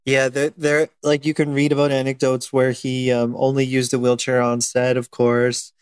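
A man's voice: mid-range voice, completely flat delivery, moderate pace, clean tone, no room sound. A man explaining a film's framing in blunt casual chat, with swearing.

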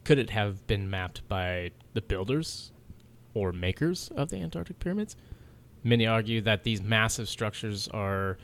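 A man hosting a podcast, reading from his notes in a loose, joking way with laughs and swearing. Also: lowish voice. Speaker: podcast host. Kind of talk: casual chat, reading notes.

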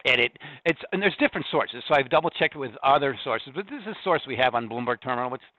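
A middle-aged man talks through market figures in rapid bursts, often restarting his sentences. His voice comes over a thin, phone-like line with a dry sound and no room around it. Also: mid-range voice, lively intonation, no room sound. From US Corn Belt. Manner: fast, data-heavy, restarts mid-sentence. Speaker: commodity strategist guest. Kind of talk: market interview.

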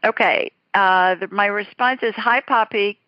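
A woman's voice: mid-range voice, a little slow, dry recording, highs cut off. A woman hosting a psychic call-in show, chatty and playful, reading listener questions and talking with callers. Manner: chatty, playful, laughs easily. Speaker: psychic radio show host.

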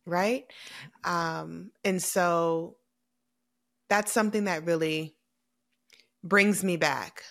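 A woman in her thirties talks earnestly on a podcast, her words reflective and open. The tone is casual and heartfelt, with feeling close to the surface. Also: on the low side. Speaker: podcast co-host.

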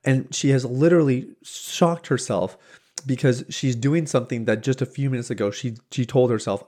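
A man at an ordinary middle pitch tells a story on his podcast in a loose, chatty way. He stumbles and restarts often, fills gaps with "you know", and slips into other people's voices to act them out. He laughs easily as he talks. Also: normal speed. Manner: animated, acts out quoted voices, laughs easily; frequent restarts and filler words. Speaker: podcast host. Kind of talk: casual storytelling monologue.

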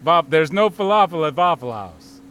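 A man voicing Vlad, a deadpan, sleepy male vampire with a mock Eastern European accent in a comedy improv. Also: a little high, moderate pace. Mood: insistent.

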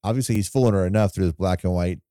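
A podcast co-host with a very low, mellow voice talks very fast through a movie in a loose, rambling, casual film discussion. He retells scenes with quoted asides and laughs, recorded close and dry with no room sound.

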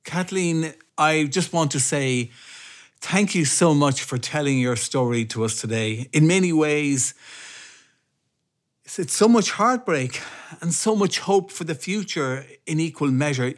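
Warm, admiring interviewer. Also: mid-range voice, a little slow.

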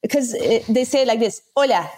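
A young woman from the Netherlands, chatting as a podcast guest in an animated, laughing storytelling way. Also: medium pitch, moderate pace. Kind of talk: casual interview chat.

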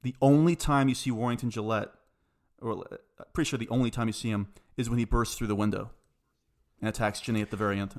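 A man's voice: mid-range voice, fast talker. Man hosting a casual film chat. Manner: relaxed storyteller, reads quotes aloud. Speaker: podcast host.

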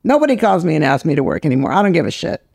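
A woman's voice: deep voice, sing-song, rapid-fire, gravelly, a little mellow, breathy edge, no room sound, studio quality. Older woman, film director, blunt, salty, casual storytelling. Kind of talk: casual interview chat.

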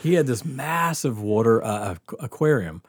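A man's voice: medium pitch, lively intonation, moderate pace, no echo, clean studio sound. A man telling a story in casual chat, laughing often and swearing freely. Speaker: podcast host telling a story.

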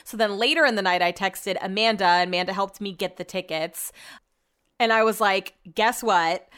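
Woman podcast host, smooth clear voice, casual and profane storyteller. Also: mid-range voice, a little fast. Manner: chatty, profane, animated retelling.

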